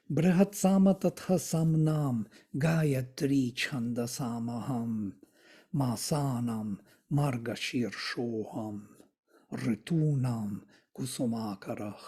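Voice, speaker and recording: A study group teacher with a husky, mellow voice, talking unhurriedly through old verses. They recite each line and then gloss it word by word. Quiet asides and small self-corrections keep the reading relaxed. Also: mid-range voice. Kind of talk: slow explanatory reading and commentary on scripture.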